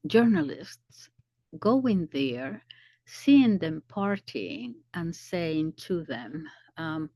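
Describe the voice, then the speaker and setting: A woman commentator explaining events slowly, often pausing to search for words. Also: low voice, animated, dark tone, no echo. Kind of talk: commentary video.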